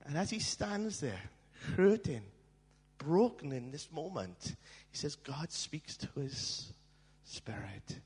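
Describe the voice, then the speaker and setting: A man preaching a storytelling sermon in a church, dramatic and swinging from hushed tones to shouting. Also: on the high side, very animated, takes it slowly, breathy edge. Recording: long hall reverb.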